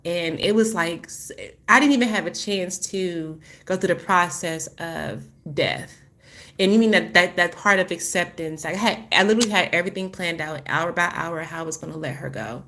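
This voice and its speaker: A woman vlogger telling a painful personal story in a halting, emotional way, full of restarts, then turning to encouragement for her viewers. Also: mid-range voice, fairly bright tone. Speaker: spiritual healing vlogger.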